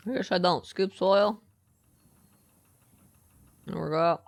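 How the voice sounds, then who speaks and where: Streamer chatting while playing, gravelly, reads game text out loud, dry room. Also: mid-range voice, slow pace, no room sound. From United States. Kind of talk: live gaming commentary.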